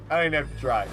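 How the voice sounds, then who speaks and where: Male gaming commentator, lively and profane, jokey, quick laughs, music bed behind. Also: fairly high pitch. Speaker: gaming YouTuber. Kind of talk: casual gameplay commentary.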